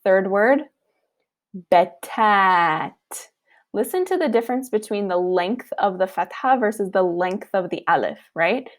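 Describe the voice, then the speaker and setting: A woman teaching a recorded online lesson, patient and repetitive, sounding out words slowly and checking in with "okay". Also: medium pitch, lively intonation, darkish tone. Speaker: Arabic teacher.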